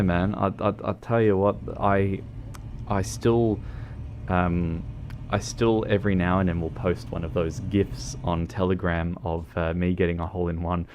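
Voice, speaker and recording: A man's voice: deep voice, darkish tone, dull audio, a little hiss or hum. A man chatting casually on a gaming livestream, rambling and hesitant with lots of ums. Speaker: streamer.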